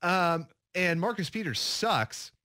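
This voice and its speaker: A man's voice: high voice, expressive, takes it slowly, bright, forceful tone, no echo, clean studio sound. A man co-hosting a sports radio show, giving opinionated, joking takes in casual talk with many fillers.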